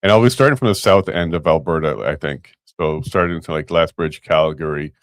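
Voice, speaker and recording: Man, very low voice, relaxed chat, chuckles often, dry close mic. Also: a little fast, no echo. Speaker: co-host. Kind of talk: casual chat.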